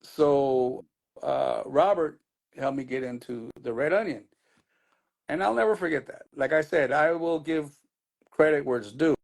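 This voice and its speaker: A man's voice: fairly high pitch, measured pace, creaky. A middle-aged man, a DJ being interviewed, telling his story in a loose, rambling way with many restarts. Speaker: DJ guest.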